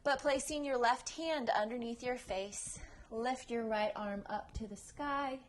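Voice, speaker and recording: A woman's voice: on the high side, measured pace, a little hiss or hum. Encouraging female prenatal yoga instructor. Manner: encouraging, counts down reps, cueing breath. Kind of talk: guided yoga class instruction.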